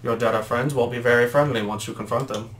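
A man's voice: mid-range voice, steady tone, quick pace, a bit bright, lightly acted. A man voicing a wise, grandfatherly old male kettle elder who gives warnings, with a put-on voice that keeps shifting. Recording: roomy echo, faint background noise.

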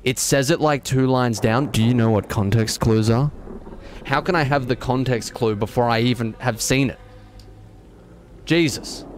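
A man's voice: mid-range voice, normal speed, slight background noise. A man streaming a game, reading its text passages aloud, stumbling over words and breaking off into exasperated, swearing rants.

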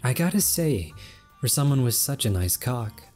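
A man's voice: medium pitch, sing-song, moderate pace, darkish tone, soft background music, close to an everyday voice. A man doing a teasing female kirin. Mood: sultry. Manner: teasing, sultry.

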